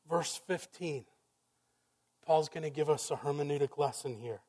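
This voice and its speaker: A man preaching a sermon, emphatic, firing rhetorical questions and swinging from loud exclamations down to hushed, quiet passages. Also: fairly high pitch, moderate pace. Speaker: pastor.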